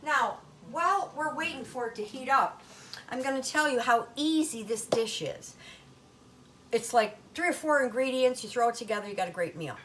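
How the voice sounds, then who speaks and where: A woman's voice: sits high, moderate pace, a bit bright, a little hiss or hum. An older woman hosting a home cooking demonstration in her kitchen, talking in a chatty, folksy Italian-American grandmother way.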